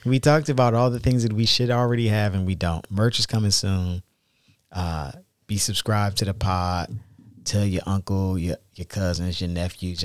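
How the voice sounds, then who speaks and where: A man co-hosting a podcast with his wife, relaxed and playful as he wraps up the episode. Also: deep voice, dry recording, clean studio sound. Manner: laid-back, playful, drawn-out sign-off. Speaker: podcast co-host. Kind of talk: casual podcast chat.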